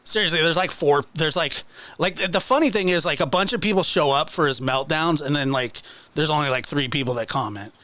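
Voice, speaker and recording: A man's voice: a little high, brisk, bright, forceful tone, dry recording. A man hosting his own channel, ranting casually in a mocking, exasperated way with many restarts. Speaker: channel host. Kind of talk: casual livestream rant.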